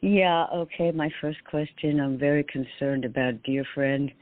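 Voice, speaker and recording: A man's voice: a little high, steady tone, moderate pace, no echo. A man from New York calling a radio show, polite and worried. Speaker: caller. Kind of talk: phone call to a radio show. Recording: dry tinny phone line.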